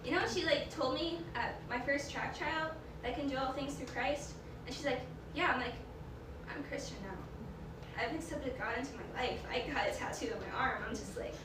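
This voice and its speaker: A woman's voice: high-pitched, a little fast. A young woman, a college student, sharing a personal testimony with a group, talking casually and rambling with a constant "like". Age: young adult. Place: large echoey room with a gathered audience. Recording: echoey room, voice far from the mic, loud noise.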